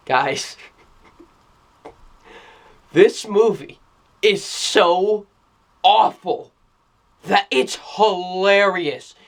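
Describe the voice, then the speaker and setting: A film reviewer in a casual spoken review who keeps exclaiming, repeats phrases, restarts sentences and often breaks into laughter. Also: mid-range voice. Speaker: movie reviewer.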